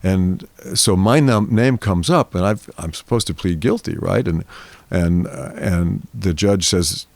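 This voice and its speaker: An older man, a guest on a podcast interview, telling a long story in a lively way and acting out the voices of the people in it. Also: deep voice, normal speed, gravelly, no echo.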